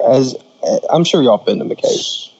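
A man's voice: medium pitch, wildly swooping pitch, a little slow, a little mellow, slightly rough, no echo. A man tells a casual story on a podcast, blunt and crude in his jokes. His voice comes through a dry, slightly dull home recording. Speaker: podcast co-host. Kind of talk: casual chat.

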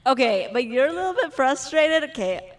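A woman's voice: high voice, sing-song, moderate pace. Young woman co-host, casual and giggly, laughs through her stories. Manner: giggly, laughs often while talking. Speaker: podcast co-host. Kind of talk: casual chat.

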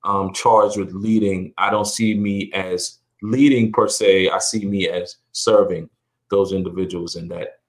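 Measured in pace, with a low pitch and fairly even intonation, this middle-aged podcast guest reflects earnestly in a conversational interview. He frequently restarts or repeats words, and his voice climbs when he wants to emphasize something.

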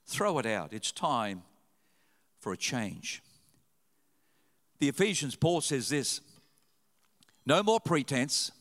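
A man preaches in a large church hall, his voice sitting a little high for a man. He tells stories with sudden loud, animated rises, and long reverb trails behind his words. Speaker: pastor. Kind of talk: sermon.

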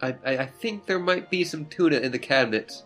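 A dry, sardonic young woman , voiced by a reader, speaking in long, ironic, wordy sentences. Mid-pitched and even, with faint music behind. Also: a little fast, lightly acted. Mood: puzzled.

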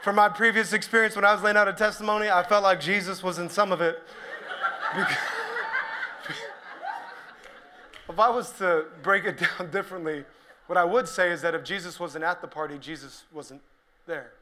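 A man with a high, bright and forceful voice preaches a sermon to his church. He jokes his way through it, then drives his points home with loud emphasis. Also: normal speed, long pauses, a little hiss or hum. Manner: energetic, joking, rising to shouted emphasis. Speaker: pastor.

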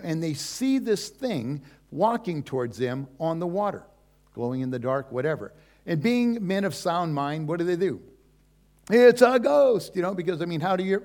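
An older man preaching a sermon as pastor, in a folksy, conversational way full of asides and rhetorical questions. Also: on the high side.

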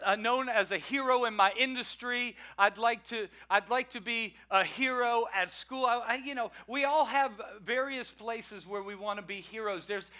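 A man preaching a sermon, energetic and joking, repeating key lines for emphasis. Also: sits high. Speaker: pastor.

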